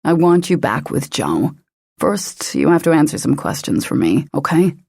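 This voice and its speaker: 女性ナレーターが演じる 辛抱強い男性捜査官. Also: female voice, low voice, big pitch swings, normal speed, gravelly, a little mellow, husky, no echo, heavily acted. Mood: coaxing. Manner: patient, coaxing questions. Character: calm, gentle male investigator. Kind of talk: audiobook character voice.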